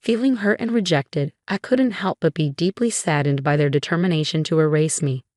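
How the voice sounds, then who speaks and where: Woman, story narrator, measured reading, low voice, dry close sound. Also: darkish tone, no echo. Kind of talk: scripted first-person story narration.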